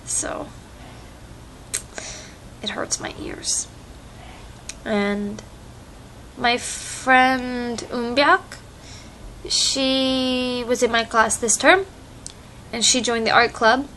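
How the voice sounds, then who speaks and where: A woman's voice: on the high side, fairly even intonation, very slow, pauses often, bright, forceful tone, slight background noise. A young American woman chatting casually in a vlog, rambling with lots of fillers, recorded on a phone. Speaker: vlogger. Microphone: phone microphone.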